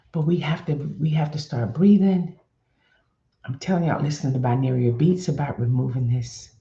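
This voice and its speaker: Woman host coaching her viewers, lively and animated, roomy dull lo-fi sound. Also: low voice. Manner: animated, talks straight to viewers, calls on them by name. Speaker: faith-based wellness host. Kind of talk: live-stream coaching talk.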